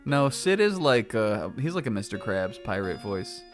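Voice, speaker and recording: A man's voice: on the low side, big pitch swings, normal speed, few pauses, soft background music. A man streaming a game with casual, giggly commentary, swearing and voicing characters. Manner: giggly, swears, voices characters between remarks. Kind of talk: casual let's-play commentary.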